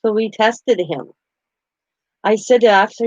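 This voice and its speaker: A woman's voice: medium pitch, moderate pace, darkish tone, no room sound, dull audio. A middle-aged woman hosting a crafting channel, chatting casually and animatedly as she tells a story, laughing as she goes.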